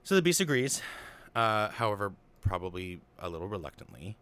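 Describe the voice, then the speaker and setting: A man's voice: lowish voice, sing-song, brisk, a bit bright. A young man casually recapping and analyzing a film, rambling with lots of fillers and offhand paraphrases of the characters. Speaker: film commentator.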